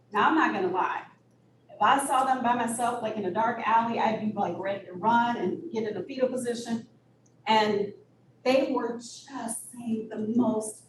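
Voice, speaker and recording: Candid woman telling her story, echoey room. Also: on the high side. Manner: candid, storytelling, laughs often. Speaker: guest speaker. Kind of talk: personal story told to a meeting. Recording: echoey room from far off with noise.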